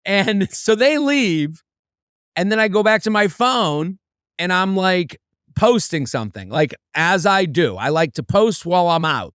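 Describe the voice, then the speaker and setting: A man co-hosting a podcast, telling a funny story in a casual, animated way and acting out other people's lines. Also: high-pitched, a little slow, smooth, dry recording, clean studio sound. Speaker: podcast co-host and comedian.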